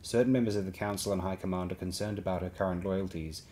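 Guarded woman leader choosing her words read by a man, low deep voice, careful. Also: steady tone, fast, darkish tone, a little hiss or hum, natural voice. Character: guarded female leader under pressure.

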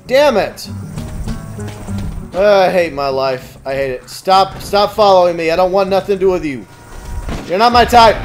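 A man hosting a casual gameplay commentary, cursing and yelling at the game. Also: fairly high pitch. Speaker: gaming let's-play host.

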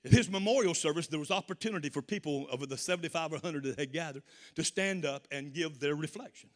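A man from the American South with a Southern accent, preaching a sermon with call-and-response and rising to shouts. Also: on the high side, fast, long reverb tail.

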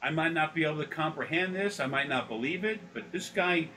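A man with a bright, forceful voice pitched a little high rambles through casual chat as a spiritual consultant. He swears freely and slips into preachy pleading. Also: lively intonation, fairly quick, a little hiss or hum, low-quality recording.

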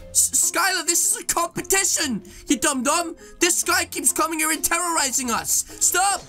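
A young man giving excited gameplay commentary as a YouTube host, exclaiming and talking straight to his viewers. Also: very high-pitched, normal speed, hardly any pauses, faint music behind. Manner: hyped, exclamatory, addresses viewers as guys. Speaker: gaming YouTuber.

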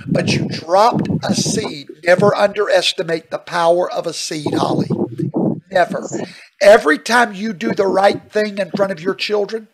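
A man's voice: sits high, gravelly, rough recording. A male pastor teaching at a Bible study question and answer session, earnest and emphatic, often checking in with "Amen?".

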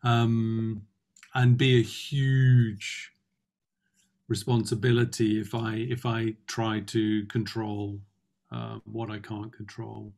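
A man being coached in a consultation, speaking in a halting, reflective way with many fillers and restarts. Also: on the low side, little pitch movement, vocal fry, darkish tone. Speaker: client in consultation. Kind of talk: reflective conversation.

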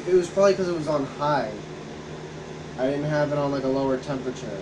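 A man's voice: on the high side, fast. A man co-hosting a game stream, telling rambling, profane stories in casual chat. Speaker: co-host of a gaming channel. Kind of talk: casual chat over gameplay. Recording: distant mic with background hum.

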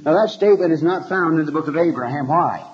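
A man giving a scripture lecture to a class, often checking in with rhetorical questions and pausing to repeat words as he thinks, on an old archival tape. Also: on the high side, lo-fi sound. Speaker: religious lecturer.

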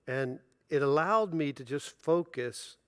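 A middle-aged male pastor delivers a sermon through lively personal storytelling, slipping into the voices of the people in his anecdotes. His voice sits a little higher than most men's. The sound is dry and close, with no room around it. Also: unhurried, smooth, dry recording. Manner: storytelling, animated, acts out dialogue with laughter.

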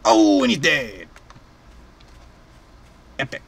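A young man hosting a let's play, excitable, shouting and laughing as he comments on the game. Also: medium pitch, normal speed, long pauses, breathy edge. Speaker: gaming channel host.

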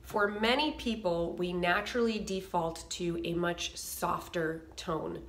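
A woman teaching a singing lesson, talking clearly to camera and dropping in quick sung and nasal demonstrations. Her voice is bright and forceful, sitting a little low for a woman. The room around her echoes. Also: fairly even intonation, a little hiss or hum. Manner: explains with sung demos and nasal sound effects. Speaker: vocal coach.

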